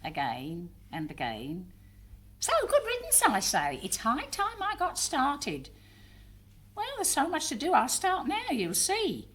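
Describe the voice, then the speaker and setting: A woman performing a comic monologue as a grandmother bravely seeing her family off on a train, her voice climbing high as she insists she'll be fine. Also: huge pitch swings, slow, a bit bright, a little hiss or hum, exaggerated voice. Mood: brave cheerful. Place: live theatre stage before an audience.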